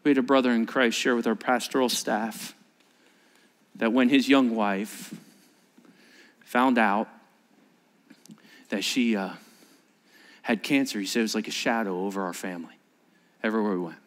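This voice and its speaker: A man's voice: on the low side, fairly even intonation, normal speed, pauses often. A man preaching a sermon in church, dramatically acting out the voices of the people in his story. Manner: dramatic, acts out quoted disciples with shifting voices. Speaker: pastor.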